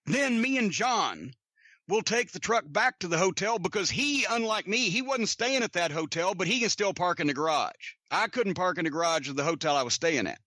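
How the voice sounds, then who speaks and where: A man's voice: high-pitched, animated, moderate pace, sharp tone, dry recording, studio quality. A man hosting a podcast, telling rambling anecdotes in a casual, profane way. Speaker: podcast host. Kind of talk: casual storytelling.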